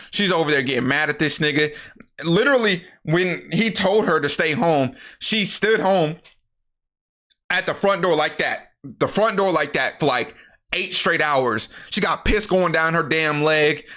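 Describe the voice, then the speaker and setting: A man's voice: on the high side, pushed and bright. A tired man retelling a movie plot in a casual, rambling, profane way, correcting himself as he goes. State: tired after work. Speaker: vlogger recapping a movie. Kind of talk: casual storytelling recap.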